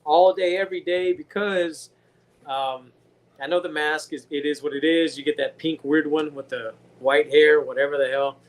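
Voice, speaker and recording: Fairly high-voiced man, casual and loose. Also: fairly even intonation, moderate pace. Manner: loose, swearing, enthusiastic. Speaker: podcast co-host. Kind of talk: casual chat.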